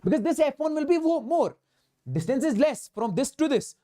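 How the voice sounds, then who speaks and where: A man's voice: extremely high pitch, sing-song, moderate pace, warm tone. A man with an Indian accent teaching physics in an online exam-prep lecture, repeating himself emphatically and slipping Hindi words into his English.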